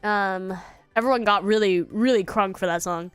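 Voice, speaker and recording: A congested young woman streamer chats casually and rambles, sometimes singing bits of songs. Her medium-pitched voice is smooth and moves at a moderate pace. There's no room sound, just soft background music.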